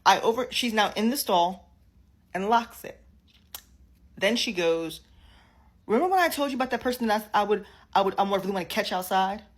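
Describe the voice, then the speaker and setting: A woman of middle pitch telling a story in a casual, chatty way. She circles back and repeats phrases to drive her points home. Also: slightly rough. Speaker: storyteller in a clip.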